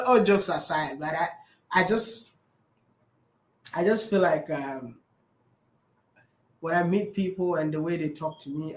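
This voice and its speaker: A man's voice: high-pitched, fairly bright tone. Laughing man in a roomy room. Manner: laughing often, repeating phrases, calling people man and bro. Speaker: vlogger answering viewer questions. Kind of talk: casual chat. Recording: roomy echo.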